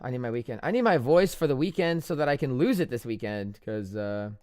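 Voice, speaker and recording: A man's voice: mid-range voice, animated, fairly quick, a little mellow, no echo, studio quality. A young man chatting casually on a live trading stream, joking and making fun of himself as he goes. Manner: chatty, joking, self-deprecating.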